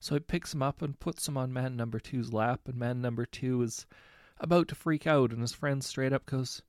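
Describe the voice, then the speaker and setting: A man reading short anecdotes aloud in a relaxed, conversational way, correcting himself now and then. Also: medium pitch, moderate pace, no echo, clean studio sound. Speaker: story narrator.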